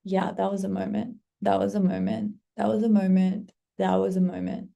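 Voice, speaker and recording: A young woman casually telling a vlog story about her own life, lively, with some swearing and acted-out quotes of her past excitement. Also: mid-range voice, normal speed, creaky. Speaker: content creator.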